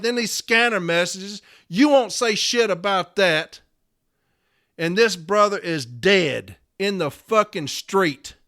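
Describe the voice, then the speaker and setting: A man's voice: sits high, sharp tone. A man in his fifties, a podcast host and letter carrier, delivering a furious, profane, confrontational rant. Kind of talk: angry rant.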